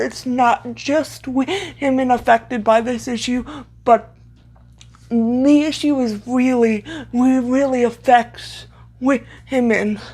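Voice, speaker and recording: High-voiced woman, halting blunt commentary. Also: a little mellow. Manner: halting, often repeats first sounds of words; blunt and sarcastic. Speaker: vlogger. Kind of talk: opinionated commentary.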